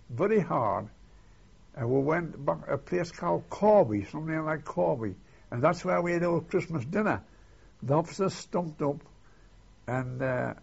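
Older man, gravelly and husky with a slightly raised pitch, spins rambling anecdotes and keeps checking in with "see?". Captured on a dull, lo-fi old tape. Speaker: interviewee recalling war memories. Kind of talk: oral history storytelling.

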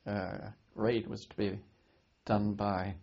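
An older man from Britain, a war veteran, recalling his service in an oral history interview, speaking haltingly with many restarts and repeated words. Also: lowish voice, little pitch movement, creaky, darkish tone. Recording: dull lo-fi archive recording.

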